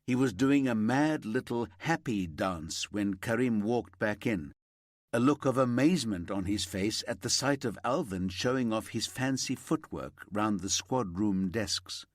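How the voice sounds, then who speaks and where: A man narrating a crime thriller audiobook in an expressive storytelling manner. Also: fairly low pitch, measured pace, dry recording, studio quality. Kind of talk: scripted narration.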